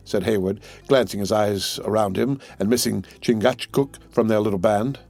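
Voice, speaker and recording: A man reading a classic adventure novel aloud as an audiobook narrator, in a measured storytelling manner. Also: on the low side, steady tone, vocal fry, a little mellow, soft background music. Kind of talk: scripted narration.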